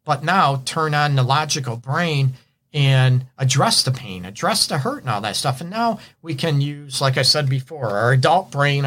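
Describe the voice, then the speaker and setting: This Detroit-area couples counselor hosts a relationship advice show on the radio, his mid-range voice a bit bright. He talks the topic through conversationally, often checking in with "right?" and "you know."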